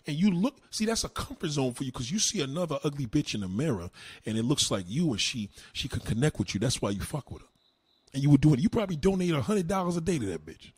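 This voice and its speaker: A man on a livestream fires back at his chat, loud and mocking, his fairly high voice leaping around with every jab. His tone is slightly husky and the sound is dry and close, with no room around it. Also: sing-song, a little fast, dry recording. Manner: loud, combative, profane, mocking. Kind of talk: live-stream rant.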